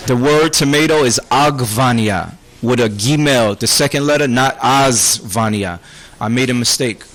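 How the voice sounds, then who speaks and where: A man's voice: medium pitch, normal speed, fairly bright tone. A man teaching a beginner Hebrew class, quizzing students on words and joking with them in a casual way. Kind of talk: classroom lesson.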